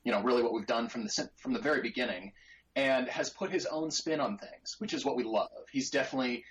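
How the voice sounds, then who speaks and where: A man's voice: mid-range voice, fairly quick, fairly bright tone, low-quality recording. A man talking as a podcast guest in an enthusiastic, agreeable, casual way.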